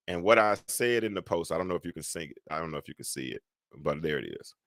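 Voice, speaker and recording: A man hosting a live call-in talk show, rambling and animated, swinging between loud and soft talk. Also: low voice, fast talker, vocal fry, no room sound.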